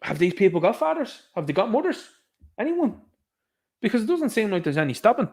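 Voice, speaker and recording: A man's voice: sits high, big pitch swings, a little fast, darkish tone. A man with an Irish accent hosting a livestream, ranting with sarcastic indignation and calling his listeners lads. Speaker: livestream host.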